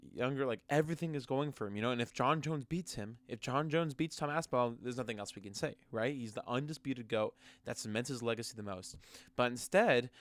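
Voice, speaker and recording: Young man, fight vlogger, casual rant, heated and profane, mid-pitch, dry recording. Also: no echo. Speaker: MMA commentary vlogger.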